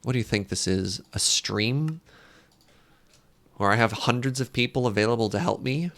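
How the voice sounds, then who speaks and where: Gravelly-voiced man streaming with chat. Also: medium pitch, expressive, normal speed, fairly bright tone. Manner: joking, self-deprecating, chats with viewers. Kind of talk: casual live-stream chat while gaming.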